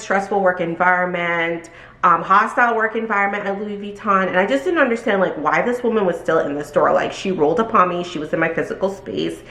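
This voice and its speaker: An animated woman from Brooklyn, New York, is a vlogger telling a casual storytime in an echoey room. She acts out quotes using high voices.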